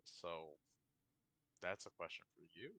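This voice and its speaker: A man's voice: low-pitched, measured pace, creaky, pushed and bright, slight background noise. A man playing a tabletop game and describing his character's actions, talking casually and hesitantly, with some swearing. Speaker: player. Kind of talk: casual tabletop role-play.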